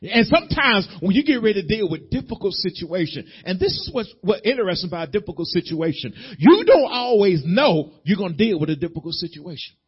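Emphatic preaching pastor, high and lively. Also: male voice, a little fast, hardly any pauses, slightly rough. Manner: preaching with rising emphatic repetition, dropping to low intimate asides. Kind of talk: sermon. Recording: muffled lo-fi sermon recording.

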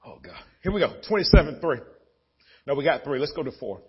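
A male pastor preaching a sermon in a church sanctuary, moving between easy storytelling and shouted, laughing exhortation. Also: fairly high pitch, very animated, brisk, slightly rough, lo-fi sound.

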